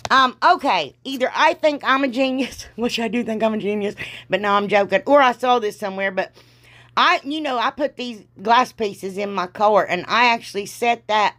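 A woman's voice: a little high, moderate pace, pushed and bright. A middle-aged woman with a Southern accent, congested from allergies, rambling through a crafting tutorial with folksy exclamations and self-deprecating jokes. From Ohio, US. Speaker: crafting vlogger. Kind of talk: casual crafting tutorial chat.

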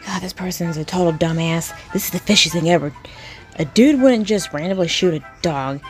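A woman's voice: lowish voice, brisk, faint music behind. A woman reacting to comments in casual commentary, blunt, indignant and profane. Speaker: video creator reacting to comments.

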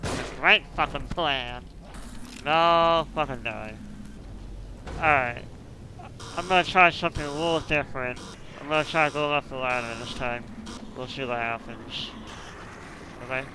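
A frustrated man commentating his gameplay, swearing constantly and swinging between muttered complaints and yelling outbursts. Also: medium pitch, normal speed, long pauses, a little hiss or hum, rough recording. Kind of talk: raging let's-play commentary.

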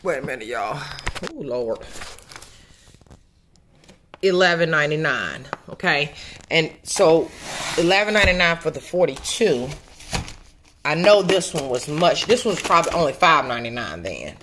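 A woman's voice: deep voice, expressive, moderate pace, long pauses, a bit bright, slight background noise. A woman, chatting casually to her viewers at home, rambling and a little out of breath. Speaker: vlogger. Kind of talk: casual chat to camera. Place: home, at a table.

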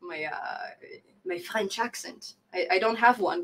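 A woman's voice: medium pitch, unhurried, poor audio. A woman in her thirties hosting a casual coding live stream, reading chat comments aloud, laughing often and repeating phrases for emphasis.

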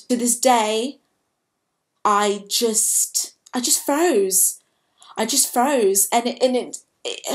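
A woman talks straight to camera in a personal vlog. Her voice sits a little high, and she speaks in candid, halting bursts, emotional and raw. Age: 20s. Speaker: vlogger.

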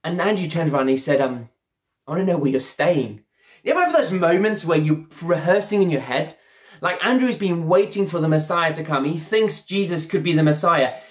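Storytelling preacher with a slightly high voice. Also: male voice, expressive, a little fast. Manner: storytelling, acts out the characters' lines. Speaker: pastor. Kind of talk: sermon. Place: church, streamed online service.

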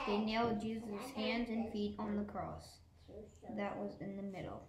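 A woman narrating a church pageant in a measured storytelling voice. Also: medium pitch. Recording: echoey church.

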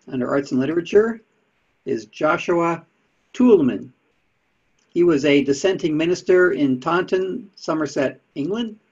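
With a fairly high pitch that is a little mellow yet slightly rough, this man presents talks on Unitarian history. Here he gives a chatty, casual slide lecture with dry asides, recorded with dull lo-fi sound.

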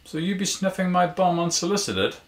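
A man reading a short story aloud voices a cheeky, flirtatious adult woman who talks in a teasing, brisk way. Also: lowish voice, creaky, a bit bright, echoey room.

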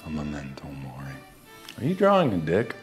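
A man's voice: very deep voice, huge pitch swings, brisk. A man in his thirties jokes around with his co-host, feigning innocence. His voice swoops up and down. Faint music plays underneath. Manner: teasing, playfully mock-innocent. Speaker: channel host. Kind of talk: casual joking chat.

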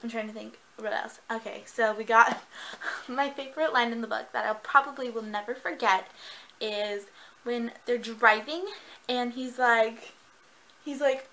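A young woman reviewing a book in a casual vlog. She talks in a gushing, excitable way and laughs often. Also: a little high, unhurried, creaky, low-quality recording.

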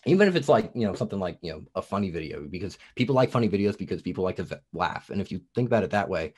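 A young man with a New Jersey accent, touched by a little Southern drawl, talks in a fairly low voice. He rambles as a podcast guest, stacking "like" and "you know" as he goes. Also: big pitch swings, racing, a little mellow, breathy edge. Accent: New Jersey, with some Southern US. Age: 20s. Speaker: guest producer and TikTok creator. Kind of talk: casual podcast interview.

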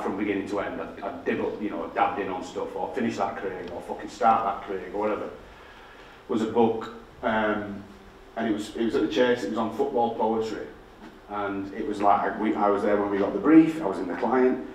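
Yorkshire guy giving a talk, swears a lot, far off mic, faint room hum. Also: lowish voice. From Barnsley, England. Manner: sweary, candid storytelling. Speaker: guest speaker. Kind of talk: public talk. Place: large indoor lecture hall. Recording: echoey hall from afar.

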